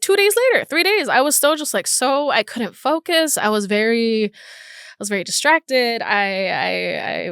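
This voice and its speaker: On her own podcast, a woman shares a personal story candidly and casually, swearing often and restarting her sentences. Her voice is a little high with a fairly bright tone, captured at studio quality with no room sound.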